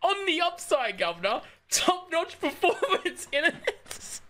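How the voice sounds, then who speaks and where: A woman's voice: very high voice, sing-song, slow, bright, forceful tone. A woman's AI assistant voice giving playful answers in an exaggerated British accent, hearty and chummy, laughing between phrases.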